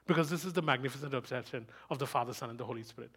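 A man preaching a sermon, fast and emphatic, asking rhetorical questions and rising into loud bursts. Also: mid-range voice, husky. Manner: speaks fast.

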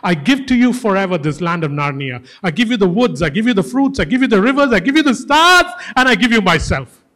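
A man voicing a great male lion, strong and happy, in a slow, solemn proclamation. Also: sits high, big pitch swings, fairly bright tone.

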